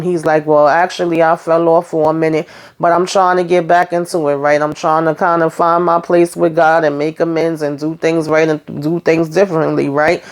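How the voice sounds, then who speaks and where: Low-voiced woman giving a chatty TV recap. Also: darkish tone. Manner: chatty, slangy, retells scenes acting out the lines. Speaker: TV recap host. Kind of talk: casual episode recap.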